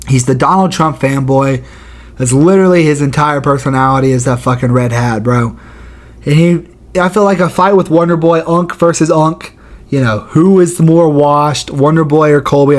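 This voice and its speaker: A man hosting his own channel, giving casual commentary in slangy and profane talk. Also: a little high. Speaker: channel host.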